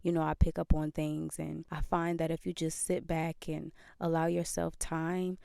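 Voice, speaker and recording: A woman's voice: sits low, monotone, moderate pace, vocal fry, dark tone, smooth, no room sound, studio quality. A woman hosting a podcast, talking earnestly in a casual motivational monologue and repeating phrases for emphasis. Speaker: podcast host.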